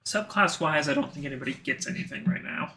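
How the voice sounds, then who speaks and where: A man's voice: fairly high pitch, quick pace, gravelly, a crowd in the background. A man running a tabletop game as dungeon master, talking in an easygoing way and thinking aloud as he goes.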